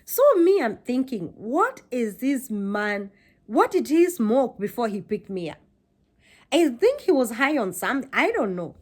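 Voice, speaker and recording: A young woman from Kenya recounts a personal story to her camera, casual and animated. Her voice sits a little high, and she leans on repeated phrases to drive her points home. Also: measured pace, breathy edge. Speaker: vlogger.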